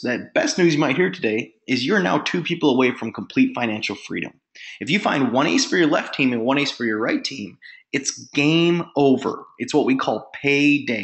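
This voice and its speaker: A man's voice: medium pitch, a bit bright. An emphatic, punchy man delivers a motivational sales training. He talks straight to his listeners and slips into short sample phone calls to show how it is done.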